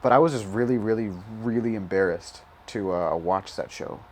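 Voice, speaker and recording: A man's voice: lowish voice, normal speed, a little mellow, a little hiss or hum. A young man giving casual, rambling commentary while playing a driving game, swearing often and laughing at his own jokes. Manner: rambling, profane, self-mocking, laughs often. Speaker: gaming YouTuber.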